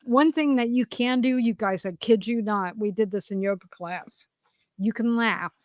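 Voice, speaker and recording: A woman's voice: fairly high pitch, normal speed, no echo. A middle-aged woman co-hosting a podcast in casual chat with a friend, laughing often and telling stories with animation. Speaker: podcast co-host.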